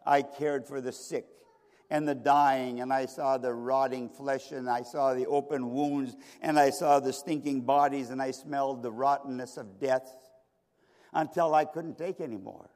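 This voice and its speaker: A preacher doing a weary, hollow-eyed war doctor. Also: male voice, medium pitch, fairly even intonation, a little slow, darkish tone, natural voice. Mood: weary grim. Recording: reverberant hall.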